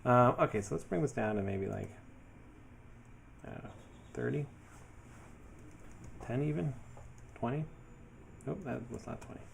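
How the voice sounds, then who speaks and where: A man talking casually through his design work as he goes, thinking aloud in a relaxed way with many fillers. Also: medium pitch, unhurried, vocal fry, long pauses, slight background noise. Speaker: web developer building his portfolio. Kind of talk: casual screen-share commentary.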